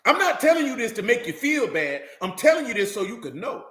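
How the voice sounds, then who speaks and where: High, bright-voiced man preaching. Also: very animated, a little fast, few pauses, reverberant. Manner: emphatic, slangy, calls out to listeners. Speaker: Bible teacher. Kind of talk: scripture reading then casual preaching talk.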